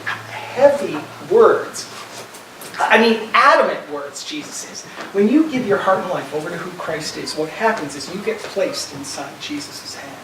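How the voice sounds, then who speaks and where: A man preaching a sermon as pastor, urging his listeners emphatically and swinging between loud pleading and quiet assurance. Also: sits high, lively intonation, measured pace, background noise. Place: church sanctuary. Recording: echoey church from far off.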